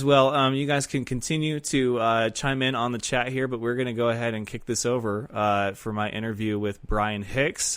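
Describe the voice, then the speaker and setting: A man hosting a casual sports talk show, chatting and rambling in a lively way. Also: medium pitch, clear, resonant tone, no echo, studio quality. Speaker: podcast host.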